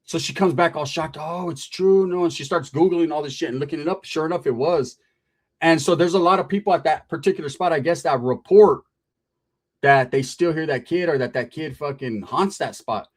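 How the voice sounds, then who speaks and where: Slangy, profane man telling a story. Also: fairly high pitch. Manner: animated, drawn-out telling with frequent "right?". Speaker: storyteller on a podcast. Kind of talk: casual storytelling.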